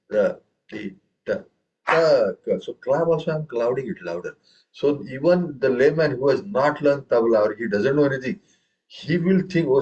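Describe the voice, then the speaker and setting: A man's voice: mid-range voice, darkish tone, muffled recording. A man teaching a tabla lesson. He asks his students question after question and recites drum syllables with strong stress on the first one. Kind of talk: online group music lesson.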